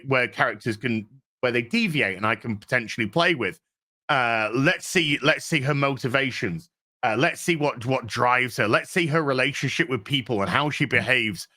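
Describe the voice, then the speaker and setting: A man's voice: mid-range voice, lively intonation, moderate pace, pushed and bright. A man, co-hosting a casual podcast and giving blunt, profane critique. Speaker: co-host.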